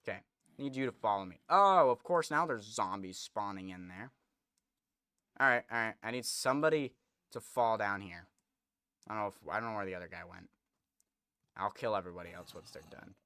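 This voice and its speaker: A man's voice: fairly low pitch, brisk, long pauses, pushed and bright, smooth, dry recording. A young man chatting casually as he plays a game, rambling with many restarts. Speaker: gaming streamer. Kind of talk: casual gameplay commentary.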